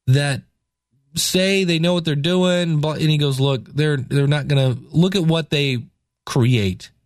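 A man preaching, reading scripture slowly and breaking into casual, chatty asides to explain it. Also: medium pitch, no room sound, clean studio sound. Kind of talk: Bible reading and teaching.

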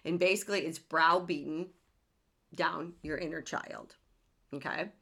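A woman's voice: low-pitched, steady tone, measured pace, gravelly, a bit bright, husky. A woman hosting a self-help podcast, speaking earnestly and emphatically and often asking rhetorical questions. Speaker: podcast host.

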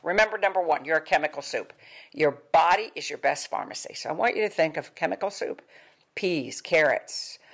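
An older woman giving an emphatic motivational talk as a wellness speaker, repeating her key words in a coaching tone. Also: fairly low pitch.

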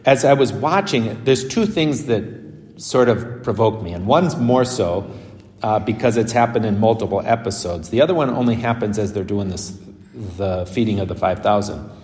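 A man's voice: lowish voice, expressive, moderate pace, a little mellow. A man, a Catholic priest, giving a casual, chatty homily with laughing asides. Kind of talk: conversational homily. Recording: echoey church with long reverb.

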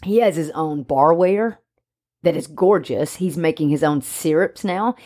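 Animated woman, lowish voice. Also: measured pace. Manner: animated, jokey, speaks for the dog in mock voices. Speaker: podcast co-host, dog trainer. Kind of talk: casual chat.

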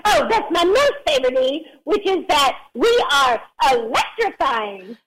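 A woman's voice: high-pitched, sing-song, measured pace, a crowd in the background, poor audio. A woman with a Southern US accent co-hosting a podcast, teasing and laughing. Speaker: podcast co-host. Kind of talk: casual banter.

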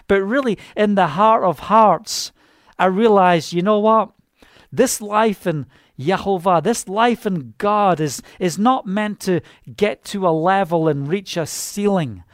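High-voiced fervent preacher man, dry sound. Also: no echo. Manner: fervent, rambling, with many "you know" fillers. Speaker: minister. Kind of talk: personal testimony sermon.

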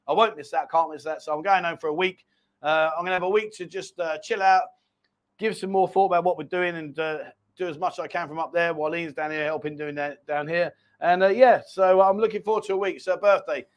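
A middle-aged man with a high-pitched voice hosts a casual livestream chat. He rambles from story to story, animated and full of asides, reading out viewer comments as he goes. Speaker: livestream host.

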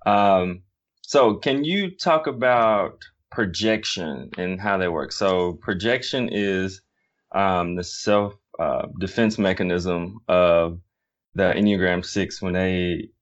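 Low-voiced interviewer, lo-fi sound. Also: slow pace. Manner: relaxed, affirming, hesitant with fillers. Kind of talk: casual interview.

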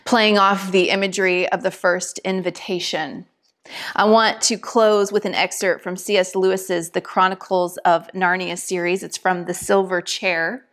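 A woman giving a sermon and reading a story aloud in an expressive storytelling manner. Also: fairly low pitch. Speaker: preacher or teacher.

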